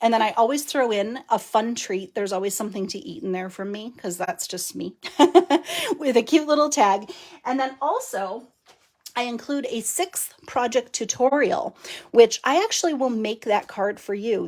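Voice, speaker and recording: A woman's voice: a little high, darkish tone. Chatty, giggly woman hosting a craft stream. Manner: chatty, effusive, laughs often, reads viewer comments aloud. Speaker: crafting live-stream host. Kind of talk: casual live-stream chat.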